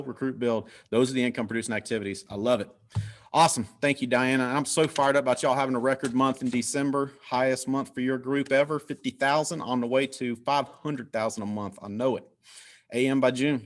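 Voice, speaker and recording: A man hosting a team video call, energetic and repeating his points. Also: mid-range voice. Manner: energetic, repetitive, hyped. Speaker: host.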